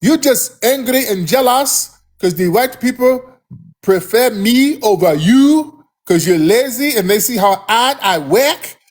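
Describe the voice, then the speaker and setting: A man's voice: extremely high pitch, lively intonation, unhurried, voice pushed up, exaggerated voice. A man voicing a smug, boastful man who looks down on others, in a taunting, superior manner.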